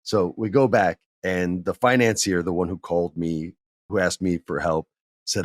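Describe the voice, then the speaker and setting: A middle-aged man tells a story with candid, animated energy on his podcast. His voice sits a little low. The sound is dry and close, with no room in it. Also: moderate pace, no room sound. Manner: candid, animated, acts out quotes in others' voices. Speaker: podcast host. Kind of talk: casual storytelling monologue.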